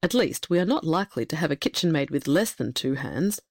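A dignified fairy-tale king who speaks in a lowered, measured and wry way, as a woman reading the story voices him. The sound is close and dry. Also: very animated, no room sound, full character voice.

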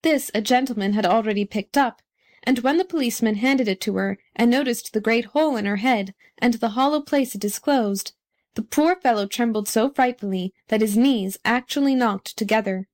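A woman narrating a storybook audiobook in an even, clear storytelling manner. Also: mid-range voice, moderate pace.

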